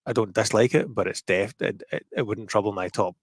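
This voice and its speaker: A Scottish man with a softened Glasgow accent, chatting casually and rambling with restarts while commenting on a film. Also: lowish voice, a little fast, dry recording. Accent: Glaswegian, softened. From Scotland. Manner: rambling, restarts, self-deprecating. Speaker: guest commentator. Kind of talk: casual watch-party chat.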